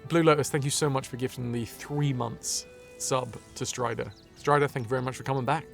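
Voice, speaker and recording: A man's voice: mid-range voice, steady tone, a little fast, gravelly. A man livestreaming a video game, chatting casually, cracking jokes and thanking his viewers. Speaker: streamer. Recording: faint game music behind.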